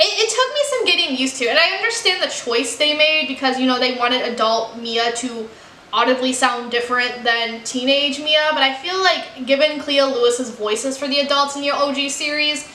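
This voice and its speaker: A woman's voice: high-pitched, bright, forceful tone, roomy sound, slight background noise. A woman from the United States chatting candidly in a casual book review vlog, with frequent "like" and "you know.". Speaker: book vlogger.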